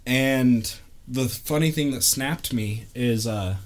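A man's voice: mid-range voice, takes it slowly. Laid-back storytelling young man. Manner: laid-back storytelling, lots of fillers and laughter. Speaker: interviewee, army veteran. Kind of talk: casual chat.

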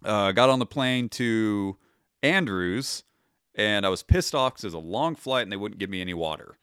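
A man in his thirties tells his story as a podcast guest, casual and wry, swearing freely and slipping into his own past remarks. His voice sits a little low, and the sound is dry and close to the mic. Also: lively intonation, normal speed, fairly bright tone, smooth, dry recording. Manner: profane, wry, re-enacts his own quotes. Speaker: podcast guest, retired Army sergeant.

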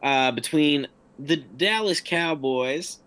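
Laid-back podcast co-host. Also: male voice, on the high side, takes it slowly, fairly bright tone. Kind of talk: casual podcast chat.

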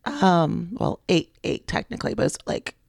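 A woman's voice: lowish voice, big pitch swings, normal speed, gravelly, darkish tone, no echo, studio quality. A woman in her thirties co-hosting a casual podcast, telling stories in a chatty way and laughing often, with her morning voice. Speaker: podcast co-host. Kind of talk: casual chat.

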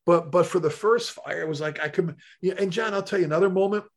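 A middle-aged man, a firefighter and paramedic, telling rambling, animated stories in casual conversation. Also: high-pitched, fast talker. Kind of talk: conversational storytelling.

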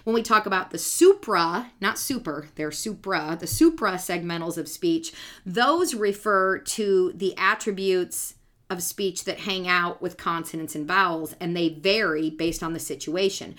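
A woman's voice: lowish voice, measured pace, fairly bright tone. A woman speech-language pathologist co-hosting a podcast, explaining technical terms in a patient, teacherly and playful way. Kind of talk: casual explanatory chat.

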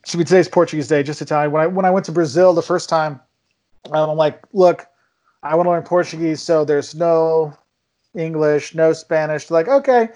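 A young man on a podcast, telling travel stories in casual chat and acting out quotes in lively voices. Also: fairly quick. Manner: animated storyteller, acts out quotes with big pitch jumps. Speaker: travel video maker, podcast guest.

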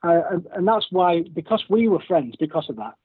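A man with a husky, slightly raised voice, chatting casually and stumbling over repeated words as he goes. His voice comes through a dry, tinny, phone-like line. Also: sits high, big pitch swings, fairly quick, no echo. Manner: hesitant, restarts and repeats words. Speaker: guest, former racer. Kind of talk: casual chat.

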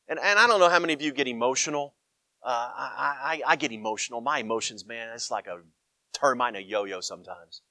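Preacher guy, big swings up and down, loud then quiet, dry close sound. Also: medium pitch, no echo. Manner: animated, emphatic, swings between loud cries and hushed asides. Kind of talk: sermon.

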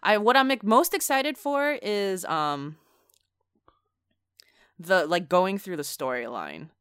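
A woman co-hosting a casual video game chat, talking quickly with lots of fillers and dry sarcasm. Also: on the low side, lively intonation, fairly bright tone, clear, resonant tone, no echo. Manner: chatty, filler-heavy, sarcastic. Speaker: video game podcast co-host.

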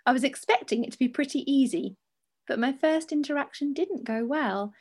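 A woman hosting a podcast, reading a listener's story aloud in an expressive, dramatic way. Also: high-pitched, moderate pace. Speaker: podcast host.

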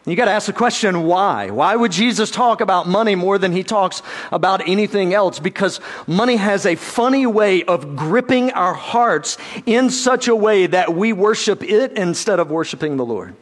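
A man preaching a sermon to his congregation, emphatic, slowing down and dropping low on key words, with touches of light humor. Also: lively intonation. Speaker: pastor.

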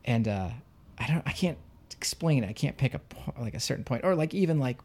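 Gravelly man rambling about a movie. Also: mid-range voice, expressive, fairly quick, a little mellow. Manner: rambling, searching for words. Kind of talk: casual film discussion.

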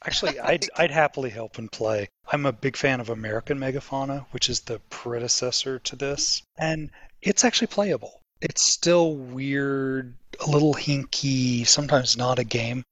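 Bright raspy-ish guy on a podcast, eager, goes on explaining stuff. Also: medium pitch, normal speed, no echo. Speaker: podcast co-host. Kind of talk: casual chat.

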